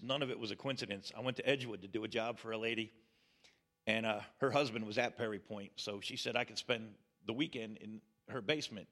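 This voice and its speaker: A man's voice: medium pitch, a bit bright. A middle-aged man giving a plainspoken personal testimony with self-deprecating humor. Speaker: testimony speaker.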